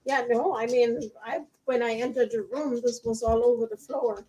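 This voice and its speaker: A woman from the USA, a guest on an interview show, answering quietly and hesitantly. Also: a little high, fairly even intonation, normal speed, a crowd in the background, rough recording. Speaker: guest, homeowner.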